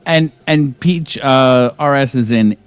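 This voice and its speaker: A man's voice: mid-range voice, slow, clear, resonant tone, no echo, soft background music. A man joking and laughing on a livestream, swearing casually. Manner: joking, profane, laughs often. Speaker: livestream co-host. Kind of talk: casual chat.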